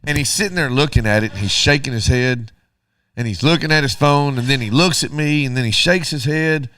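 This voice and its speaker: A man's voice: mid-range voice, brisk, pushed and bright, clean tone, no echo, clean studio sound. A middle-aged man, co-hosting a radio show and telling a story casually while acting out both sides of the dialogue.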